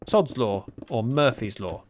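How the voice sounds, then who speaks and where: Reading viewer messages aloud during a game livestream, this man from Britain jokes in a dry, self-deprecating way. He speaks at a measured pace with a medium, expressive voice, over a faint hiss or hum.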